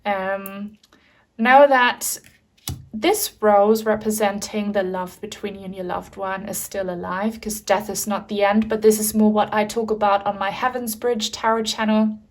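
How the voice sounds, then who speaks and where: A woman's voice: mid-range voice, fairly even intonation, unhurried. A woman giving a pick-a-card tarot reading, talking in an emotional, reassuring way with many fillers. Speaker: tarot reader.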